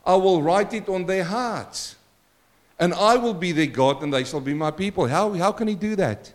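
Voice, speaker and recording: A man pastor preaching a sermon, animated and questioning his congregation, shifting between loud exclamations and quiet asides. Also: sits high, normal speed.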